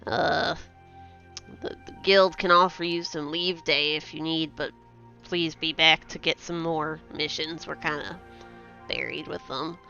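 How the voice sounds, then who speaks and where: A woman's voice: sits low, fairly even intonation, a little slow, gravelly, pushed and bright, soft background music, exaggerated voice. A woman voicing a male guild master who talks casually and stammers apologetically. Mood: apologetic. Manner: rambling, hesitant, stammering. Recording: dull lo-fi sound.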